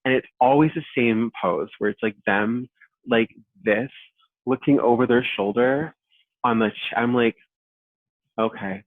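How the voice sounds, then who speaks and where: A man in his thirties, a podcast guest, chatting casually and telling stories with lively acted-out quotes. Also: medium pitch, unhurried, no room sound. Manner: animated storyteller, acts out quoted voices. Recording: tinny phone-like line, dry.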